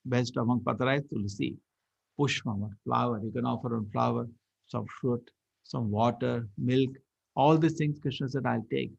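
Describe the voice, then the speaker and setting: Gravelly preacher. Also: male voice, mid-range voice, normal speed, dry recording. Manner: animated storyteller, acts out quotes. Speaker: temple preacher. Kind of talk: scripture lecture. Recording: dull lo-fi recording.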